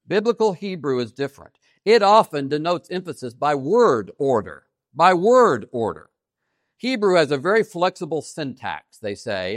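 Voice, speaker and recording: A man preaching a sermon, stressing key phrases by repeating them and swinging between loud emphasis and quiet asides. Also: fairly high pitch, no echo, clean studio sound. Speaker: pastor.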